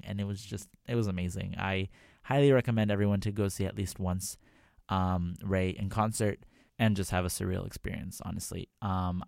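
A young man hosts a radio music show from a studio, his lowish voice gravelly with fry. He talks in a loose, chatty way, full of "like" and "um", and gets excitable. The mic sound is dry and close. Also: dry recording. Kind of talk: casual storytelling on air.

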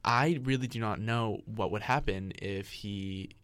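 A man's voice: fairly low pitch, a little slow, fairly bright tone, clear, resonant tone, no echo. A young man co-hosting a candid chat, gushing and giggling as he tells a story. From Canada. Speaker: podcast co-host.

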